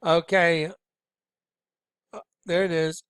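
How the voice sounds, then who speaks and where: A man talks in an urgent, preachy way, swinging between loud outbursts and low, hushed asides. His voice sits a little high and sounds smooth and clear. The sound is dry and close, with no room echo. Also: little pitch movement, slow pace. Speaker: video host. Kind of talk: conspiratorial commentary on images.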